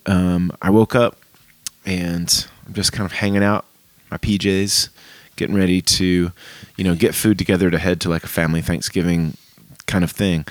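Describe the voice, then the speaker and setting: A man hosting a casual podcast, telling stories with animated swings up into a high voice for emphasis. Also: no room sound. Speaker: podcast host.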